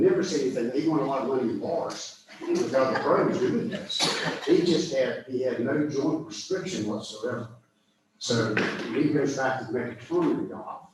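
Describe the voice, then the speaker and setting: An older man spins folksy anecdotes for a club audience, chuckling at his own punchlines. His mid-pitched voice is heard from some distance and rings through a big echoey room. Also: noisy background. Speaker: guest speaker. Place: large clubhouse meeting room. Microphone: distant from the microphone. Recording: echoey room, far from mic.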